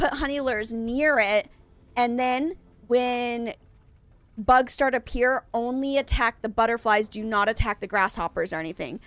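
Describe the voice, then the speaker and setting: A young woman with a stuffy nose live-streams a game, rambling casually with viewers and often correcting herself. Her voice is fairly high and a bit bright, at a moderate pace, with no echo.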